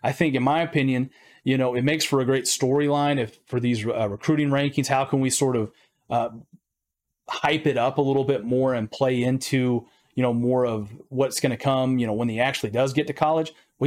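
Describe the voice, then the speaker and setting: Emphatic male football commentator. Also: medium pitch. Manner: emphatic, peppers statements with "right?". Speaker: sports channel host.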